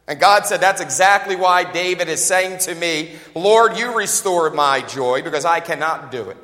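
A pastor from the United States preaches a sermon fast, joking in a conversational way. His voice is high-pitched with a sharp tone, and the church recording carries long hall reverb.

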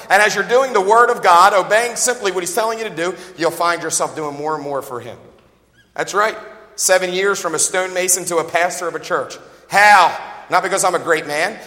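A man's voice: sits high, in a large hall. A man preaching a sermon as a pastor in an auditorium, emphatic and folksy, calling out to the congregation with joking asides. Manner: emphatic, call-and-response preaching with rising shouts. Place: large auditorium.

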